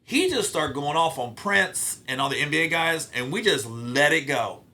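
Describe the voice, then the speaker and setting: Give me a bright, punchy middle-aged man spinning loose, profane show-business stories as a podcast guest. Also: on the high side, normal speed. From Ohio. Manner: animated, profane, acts out quotes. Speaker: guest comedian. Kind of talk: casual storytelling interview.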